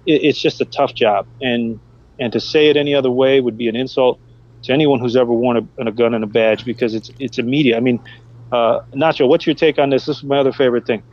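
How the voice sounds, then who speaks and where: A middle-aged man and former police officer, chatting on a podcast and telling animated stories about the job. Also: fast talker. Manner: animated storytelling, acts out quotes in a high voice. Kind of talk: casual podcast chat. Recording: dull, dry podcast audio.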